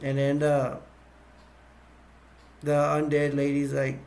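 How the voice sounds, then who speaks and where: A man's voice: a little high, level tone, takes it slowly. A man casually retelling a movie's plot in a rambling way, full of fillers and restarts. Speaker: movie reviewer.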